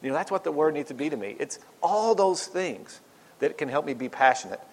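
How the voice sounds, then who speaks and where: A man's voice: a little high, animated, a little fast, darkish tone. A man giving an informal devotional talk, rambling and chatty with lots of asides and self-mocking humor. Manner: rambling, chatty, with many "you know" asides. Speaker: speaker giving a church devotional. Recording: long hall reverb.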